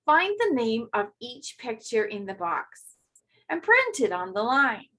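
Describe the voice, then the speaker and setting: Lady teacher reading with little kids, kinda high voice, nice and slow. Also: very animated, bright, forceful tone, low-quality recording. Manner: slow, clear, encouraging teacher talk to young children. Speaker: grade two teacher. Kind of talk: remote classroom phonics lesson.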